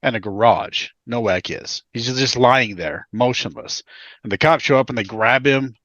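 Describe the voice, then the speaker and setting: A man's voice: mid-range voice, normal speed, fairly bright tone, dry recording, highs cut off. A man co-hosting a podcast, talking casually with emphatic, indignant repetition of his points. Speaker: podcast co-host.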